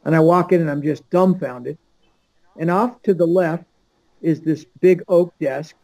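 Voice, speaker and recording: A man's voice: fairly high pitch, a little slow, darkish tone, no echo, poor audio. An older man from Los Angeles, a podcast guest telling a long story and acting out the people in it. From Los Angeles, USA. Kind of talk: storytelling anecdote.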